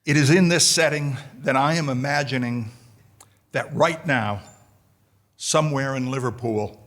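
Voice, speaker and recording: In a lecture hall, a middle-aged American man from New Jersey introduces a colleague at a formal lecture, using dry, self-deprecating humor. His medium-pitched voice is unhurried and fairly bright.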